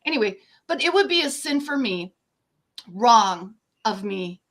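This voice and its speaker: A woman's voice: a little high, big pitch swings, unhurried, a bit bright. An older woman talking as an interview guest, earnest and rambling, a little emotional and given to laughing mid-sentence. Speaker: guest, contactee. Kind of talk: casual interview conversation.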